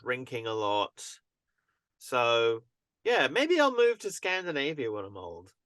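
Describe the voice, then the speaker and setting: A man's voice: mid-range voice, wildly swooping pitch, a little slow, fairly bright tone, no echo, studio quality. A man co-hosting a podcast, chatting casually, joking and swearing and mocking himself. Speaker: podcast co-host. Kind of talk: casual chat.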